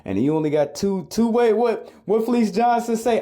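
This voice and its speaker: A man's voice: high voice, big pitch swings, moderate pace, few pauses, warm tone. A middle-aged man giving comedic commentary as a vlogger, preachy and emphatic, often repeating himself.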